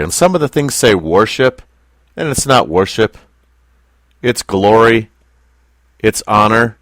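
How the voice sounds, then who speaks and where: A man leads a Bible lesson with a lively, rising and falling voice. He speaks slowly and deliberately and often stops to ask his listeners questions. The sound is dry and close, with no room echo. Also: lowish voice. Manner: slow, deliberate, asks the class questions. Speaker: Bible teacher. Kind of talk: Bible teaching to a small group.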